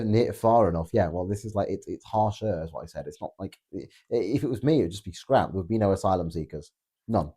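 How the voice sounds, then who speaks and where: A man's voice: on the low side, a little mellow. A man hosting a casual live stream, answering chat in a blunt, joking way with plenty of swearing. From Britain. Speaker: political streamer reading chat.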